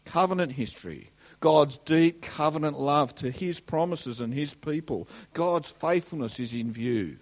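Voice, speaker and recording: A male preacher delivering a sermon at an unhurried, deliberate pace. He swings from ringing declarations down to hushed asides. The recording is dull and a little lo-fi. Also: on the high side. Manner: emphatic, swings between loud declarations and quiet asides.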